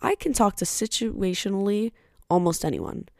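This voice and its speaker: A woman's voice: medium pitch, normal speed, darkish tone, no room sound, clean studio sound. A young woman hosting her own podcast, talking casually in a candid, blunt way, swearing often and wandering into side remarks. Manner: chatty and rambling, with side remarks. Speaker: podcast host.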